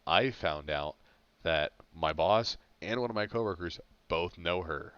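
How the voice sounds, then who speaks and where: A young man co-hosting a podcast, talking in a rambling, halting way with lots of restarts. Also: sits low, fairly bright tone, smooth, no room sound, lo-fi sound. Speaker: podcast co-host. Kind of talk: casual chat.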